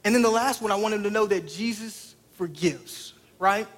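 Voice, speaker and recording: Speaking at a moderate pace, a man in his thirties with a high-pitched, slightly bright voice gives a sermon as a pastor. He builds it on a family story, keeps the tone conversational, and poses direct questions to the congregation.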